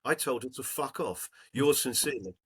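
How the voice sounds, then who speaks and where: A man's voice: medium pitch, normal speed, noisy background. A man in casual chat, reading a letter aloud to friends and building playfully to a punchline.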